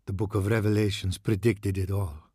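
A man voicing a tearful, trembling priest who delivers prophecies of doom in a slow, hushed voice that sinks into whispers. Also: fairly low pitch, fairly even intonation, breathy edge, no room sound, studio quality. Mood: ominous.

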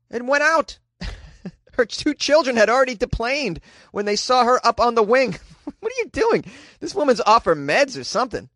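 A man hosting comedic news commentary, sarcastic and animated, laughing often and jumping into a high squeaky voice for quips. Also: no room sound. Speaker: host.

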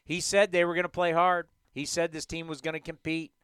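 Male sports radio host, emphatic rants, bright clear voice, dry studio sound. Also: on the high side, a little fast, no room sound. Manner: animated, emphatic ranting.

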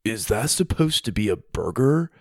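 A man's voice: fairly low pitch, very animated, normal speed, darkish tone, dry recording, clean studio sound. A man voicing a laid-back young farm boy cadet with a wry, unimpressed manner in a storybook reading.

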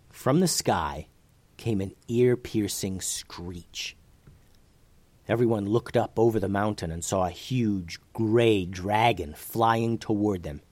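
An expressive man reading a story. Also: fairly low pitch, no echo. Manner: expressive, animated. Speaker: narrator.

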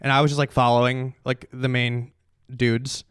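A young man tells a long story in loose, casual conversation, padding it with fillers and trailing restarts. His voice is smooth and clear. The sound is dry and close, with no room around it. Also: medium pitch, flat delivery, moderate pace, a bit bright, no room sound. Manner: rambling, many fillers and restarts.

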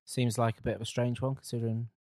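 Playful guy cracking quick jokes on a music podcast, mid pitch. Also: flat delivery, darkish tone, no echo, clean studio sound. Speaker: podcast co-host. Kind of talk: casual music chat.

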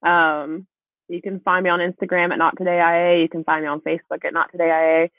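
A woman's voice: on the low side, level tone, quick pace, no echo. Woman on a tinny phone line. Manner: hesitant, with many fillers. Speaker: podcast guest. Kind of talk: casual chat.

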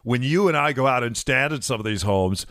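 A man's voice: medium pitch, expressive, brisk, fairly bright tone, no echo, studio quality. A man co-hosting a casual podcast, a realtor telling stories in an earnest, openly sentimental way. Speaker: realtor and co-host.

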